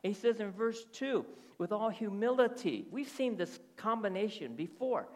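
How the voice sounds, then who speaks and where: A man's voice: high-pitched, lively intonation, normal speed, a little mellow. A middle-aged man preaching a sermon as pastor, often checking in with his listeners through rhetorical questions. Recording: reverberant hall.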